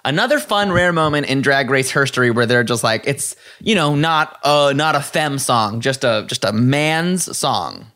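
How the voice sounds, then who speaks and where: A man hosting a podcast, chatting casually about a TV episode and briskly acting out imagined quotes. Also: mid-range voice, animated, sharp tone. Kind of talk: casual chat recapping a TV episode.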